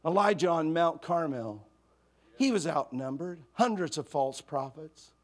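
A man's voice: on the high side, lively intonation, a little slow. A male pastor preaching a sermon in a conversational, humorous storytelling way.

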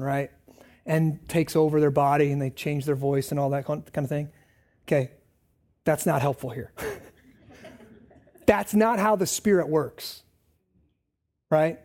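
A man preaching a sermon in a conversational way, with emphatic raised lines and low, quiet asides. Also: normal speed. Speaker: pastor.

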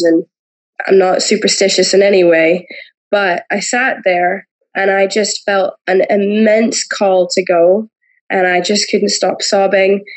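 A woman's voice: medium pitch, rough recording. A woman with an American accent touched by a slight Scottish lilt tells her story as a podcast guest. She talks in a chatty, open way and often laughs between her sentences. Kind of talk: casual conversation.

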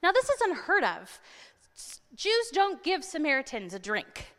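A woman preacher retelling a scripture story in an animated, dramatic sermon style. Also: high voice, measured pace, big-room sound.

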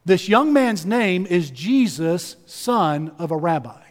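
A male pastor delivers a sermon with emphatic storytelling, repeating key phrases for weight. His voice sits high for a man. A long reverb trails behind him, as in a large hall. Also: animated, takes it slowly.

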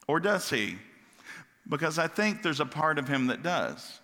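A man's voice: fairly high pitch, sing-song, measured pace, pushed and bright. A man giving a casual, joking Bible lesson in a large hall, sometimes stumbling over his words. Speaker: Bible teacher. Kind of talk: conversational Bible teaching.

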